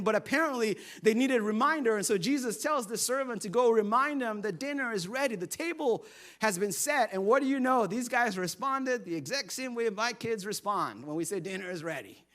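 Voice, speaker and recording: A man's voice: extremely high pitch, fairly bright tone. A male pastor preaching a sermon in a humorous, conversational storytelling way.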